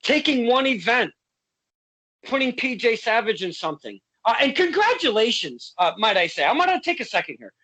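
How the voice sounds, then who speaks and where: Bright-voiced, blunt interview host woman. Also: fairly high pitch, very animated, moderate pace, breathy edge, rough recording. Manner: blunt, swears, passionate, many restarts. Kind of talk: casual interview chat.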